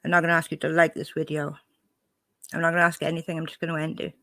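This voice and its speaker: A woman's voice: deep voice, level tone, quick pace, a bit bright, dry recording. An upset, indignant woman from Wales reacting angrily to a clip she has just played for her viewers. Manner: indignant, confrontational. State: upset, emotional. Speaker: reaction video host.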